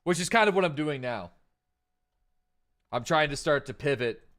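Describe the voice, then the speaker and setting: A man's voice: fairly high pitch, animated, normal speed, a bit bright. A man streaming a game live, thinking aloud in casual chat, rambling with plenty of fillers.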